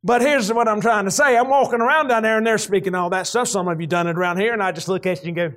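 Folksy Southern preacher, high and shouting. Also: male voice, quick pace. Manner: folksy, animated, breaks into shouts when excited. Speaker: pastor. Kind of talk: sermon.

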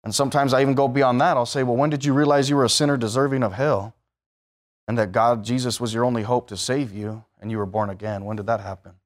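Speaking fast with a mid-range voice and fairly even intonation, a man delivers a sermon. His tone is conversational but climbs into emphatic outbursts, and he asks the audience questions.

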